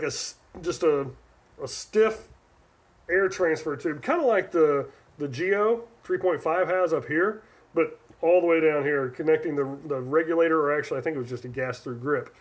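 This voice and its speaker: A man's voice: fairly high pitch, moderate pace. A man from Northern California hosting a casual live stream, answering viewer questions in a rambling, chatty way that often trails off and restarts. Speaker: livestream host.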